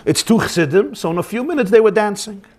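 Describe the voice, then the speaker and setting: A rabbi telling a story as a sermon, animated, with his voice rising high for the acted quotes. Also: fast.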